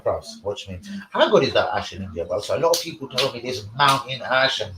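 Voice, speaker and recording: A man's voice: mid-range voice, very animated, fairly quick, hardly any pauses, pushed and bright, a little hiss or hum. A man, rambling and swearing in casual live-stream chat as the host. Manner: rambling, slangy, swears a lot. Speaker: livestream host. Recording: echoey room.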